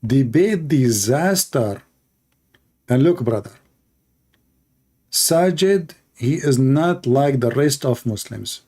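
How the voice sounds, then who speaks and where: This reaction-stream host is a man whose mellow, mid-range voice moves slowly, with frequent pauses and lively intonation. He ridicules the video he's watching with sarcasm, and his English has a non-native turn of phrase.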